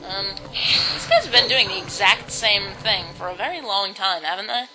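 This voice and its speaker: A woman's voice: medium pitch, lively intonation, normal speed, bright, forceful tone, poor audio. A woman giving rambling, self-deprecating let's play commentary while she plays a game. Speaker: gamer. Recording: game music underneath.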